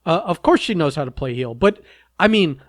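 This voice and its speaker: A man's voice: fairly high pitch, animated, normal speed, no echo, clean studio sound. A man co-hosting a podcast in casual chat, sarcastic and laughing often. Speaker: podcast co-host.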